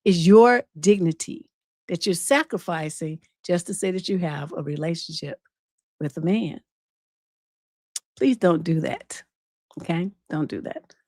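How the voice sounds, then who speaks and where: A woman's voice: lowish voice, measured pace, pauses often, no echo. A woman relationship coach hosting an unscripted advice livestream, telling stories bluntly and with plenty of profanity. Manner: blunt, profane, animated storytelling.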